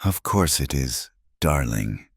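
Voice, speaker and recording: A man's voice: low-pitched, very animated, moderate pace, a little mellow, dry recording, clean studio sound. A man reading aloud voicing a smug, scheming middle-aged mother with a purring, mocking manner.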